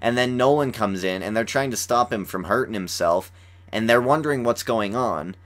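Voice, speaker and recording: Speaking at a moderate pace in a lowish voice, a young man hosts a casual podcast chat and rambles through an episode recap. His retelling is animated, and he says "like" a lot.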